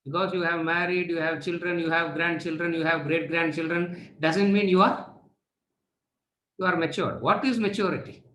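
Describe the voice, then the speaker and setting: A man's voice: fairly high pitch, fairly even intonation, moderate pace, bright, forceful tone. A man teaching a class, repeating rhetorical questions and then answering them himself. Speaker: spiritual teacher. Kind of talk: lecture to students. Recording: echoey room.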